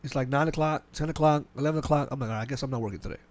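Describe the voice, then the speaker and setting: Fast-talking man telling a story. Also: mid-range voice. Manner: fast, animated storytelling with frequent restarts and quoted dialogue. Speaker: podcast host. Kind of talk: casual podcast chat, storytelling. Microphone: podcast mic.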